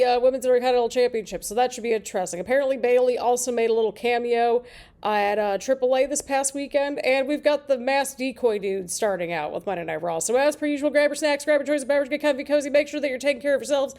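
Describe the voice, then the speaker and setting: Chatty high-voiced woman reaction host. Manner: chatty, animated, laughs often. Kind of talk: casual live reaction commentary.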